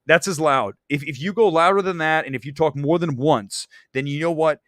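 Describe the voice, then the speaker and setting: Animated man ranting about movies. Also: on the high side, brisk, hardly any pauses, dry recording, studio quality. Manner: animated, enthusiastic ranting with swearing. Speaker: show host. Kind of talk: casual movie talk. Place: Los Angeles area.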